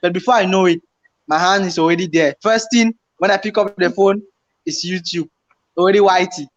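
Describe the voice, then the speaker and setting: A man tells a story in relaxed chat. He acts out his own past panic, repeating himself in excited bursts. The recording is slightly dull and lo-fi. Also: sits high, fairly quick. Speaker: YouTuber co-host.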